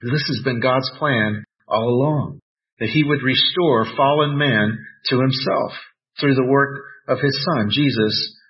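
Slow, measured male preacher. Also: mid-range voice, lo-fi sound. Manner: measured, deliberate preaching with scripture readings and playful asides. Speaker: pastor. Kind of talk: sermon.

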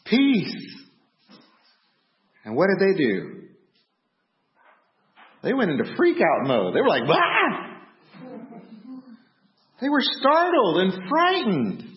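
A man preaching a sermon, telling the story with animation and acting out startled shouts. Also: sits high, wildly swooping pitch, measured pace, long pauses, highs cut off. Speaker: pastor.

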